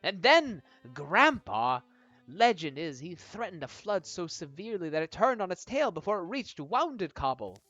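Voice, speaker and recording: A man's voice: sits high, moderate pace, dry recording, pitched above the performer's own voice, heavily acted. A man voicing an eager young man who boasts about his heroic family and begs to join the party. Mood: eager boastful. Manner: excited, boastful, rambling. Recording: dull lo-fi audio with faint game music.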